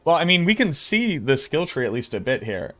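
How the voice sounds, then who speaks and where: A man streaming, giving casual commentary in a blunt, excitable way and swearing freely. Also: a little high, fairly quick, dry recording, faint music behind.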